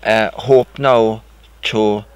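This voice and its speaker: An older man with an Irish accent, hosting an interview and asking questions haltingly, restarting them as he goes. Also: on the low side, fairly even intonation, smooth. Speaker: interviewer host.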